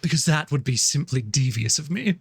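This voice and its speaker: A man's voice: a little high, lively intonation, normal speed, breathy edge, no room sound. A man putting on a pompous posh English butler. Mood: haughty. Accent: put-on upper-class English. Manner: haughty, drawling, mock-refined. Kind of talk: live-stream banter in a put-on voice.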